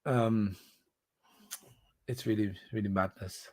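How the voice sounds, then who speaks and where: A man's voice: on the low side, steady tone, slow, a little mellow. A man hosting a podcast, talking alone in a casual, rambling way with many fillers, restarts and bursts of laughter. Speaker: podcast host. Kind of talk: casual solo commentary.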